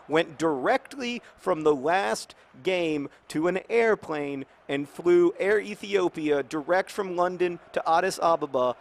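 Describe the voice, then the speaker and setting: A man in his thirties hosting a game video in casual commentary, rambling and jokey, with sudden shouted outbursts. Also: on the high side, a little hiss or hum. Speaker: game host.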